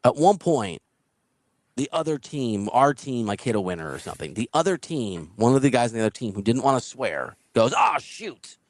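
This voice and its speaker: A man hosting a casual podcast who tells stories in a lively way, laughs often and acts out the people he quotes. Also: mid-range voice, fairly quick, no echo. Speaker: podcast host. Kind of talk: casual storytelling chat.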